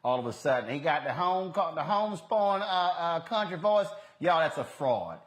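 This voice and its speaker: A man's voice: fairly high pitch, big pitch swings, normal speed. A man hosting a live news show, giving blunt, scornful commentary to his viewers. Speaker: host.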